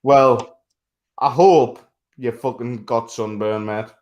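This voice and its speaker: A man co-hosting a casual sports podcast, talking bluntly, swearing freely and laughing loudly. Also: medium pitch, steady tone, takes it slowly. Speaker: podcast co-host.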